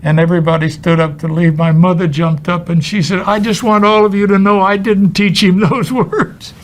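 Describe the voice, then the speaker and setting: An older man voicing an excitable, boisterous male film director friend in a raised, animated retelling voice. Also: high voice, normal speed, slight background noise, pitched above the performer's own voice, close to an everyday voice. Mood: excited.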